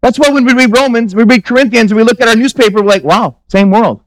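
Brief: male pastor with a high voice, casual but emphatic pulpit delivery, keeps quizzing the congregation. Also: racing, fairly bright tone, rough recording. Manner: conversational, emphatic preaching with rhetorical questions to the congregation. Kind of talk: sermon. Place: church.

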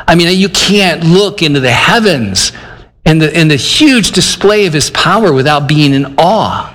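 A man's voice: fairly high pitch, animated, unhurried, fairly bright tone. An older man from Michigan preaching a conversational sermon, earnest and plainspoken, acting out his own inner dialogue as he talks. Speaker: pastor. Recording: long hall reverb.

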